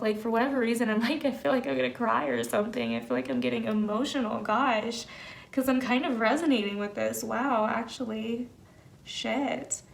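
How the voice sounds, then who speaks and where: A young tarot reader talks to camera in a relaxed but earnest, forceful way, filling her reading with "like" and "you know." She has a fairly high voice, and the recording carries a little hiss or hum.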